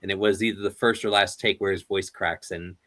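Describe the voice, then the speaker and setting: A man's voice: low voice, fairly even intonation, fairly quick, fairly bright tone. A man hosting an interview, telling rambling stories in casual chat and laughing often. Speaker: interview host.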